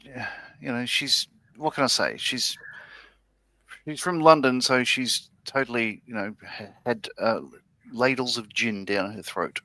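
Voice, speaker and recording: Man, bright forceful tone, dry close sound, rambling easygoing chat, livestream co-host. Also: medium pitch, unhurried, no echo. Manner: rambling, lots of fillers and restarts. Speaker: livestream co-host building scale models. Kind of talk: relaxed casual chat.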